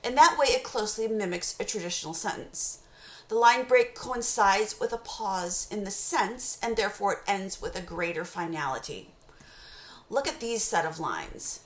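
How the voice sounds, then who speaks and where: A woman teacher giving a recorded course lecture on poetry, explaining terms in a measured way and reading short poem excerpts slowly aloud. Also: medium pitch, expressive, fairly bright tone, reverberant.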